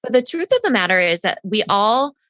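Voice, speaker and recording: A woman's voice: medium pitch, sing-song, brisk, sharp tone, no room sound, studio quality. A woman co-hosting a podcast, speaking thoughtfully and searching for words in casual conversation. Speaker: podcast co-host. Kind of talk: casual interview chat.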